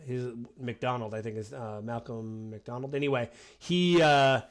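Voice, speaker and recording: A man hosting a podcast talks through a film in loose, rambling sentences. He fills pauses with ums and you-knows and drops into little acted-out quotes. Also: mid-range voice. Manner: rambling, acts out quoted lines with many fillers. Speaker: podcast host. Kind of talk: casual film discussion.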